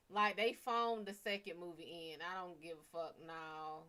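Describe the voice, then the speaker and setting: A woman's voice: lowish voice, fairly even intonation, moderate pace, hardly any pauses, sharp tone. A woman with a Cajun-tinged accent, chatting casually on a livestream as a psychic reader, rambling and profane with laughing asides.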